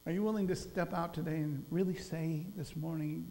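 A man giving a sermon as senior minister, preaching emphatically and dropping soft near the close. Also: on the high side, steady tone, brisk, creaky. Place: church sanctuary. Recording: long church hall reverb with mains hum.

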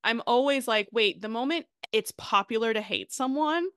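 Podcast guest, woman, bright forceful voice, dry close sound, emphatic and animated. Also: fairly high pitch, moderate pace, clean tone, no echo. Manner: animated, emphatic, with frequent "like" asides. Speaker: podcast guest, marketing consultant. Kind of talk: casual podcast chat.

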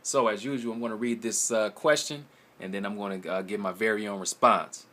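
A man with a lowish voice talks casually to the camera as a language-learning vlogger. He rambles and hesitates, fills gaps with ums and repeats his words as he gropes for a point. Faint background noise sits under his voice. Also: fairly even intonation, fairly quick, few pauses, a bit bright. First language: English. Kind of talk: casual video response.

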